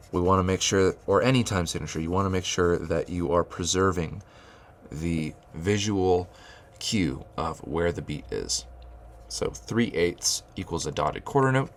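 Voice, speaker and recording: Man, music lesson, very low voice, counts beats aloud, faint room hiss. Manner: measured, stops to restart phrases, chants counting syllables. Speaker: music teacher. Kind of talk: explaining rhythm and counting aloud.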